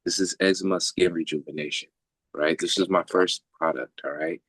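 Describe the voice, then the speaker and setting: A man with a very low voice tells a personal story in blunt, profane street slang. He keeps checking in with his listener as he talks. The sound is dry and close. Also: steady tone, normal speed, fairly bright tone, husky, no echo. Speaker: podcast guest. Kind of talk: casual storytelling.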